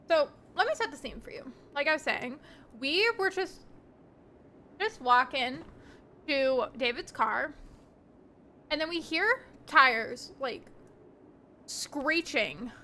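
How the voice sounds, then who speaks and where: A woman's voice: sits high, pushed and bright. A young woman streaming live, chatting casually with her viewers in a rambling, giggly way with lots of ums.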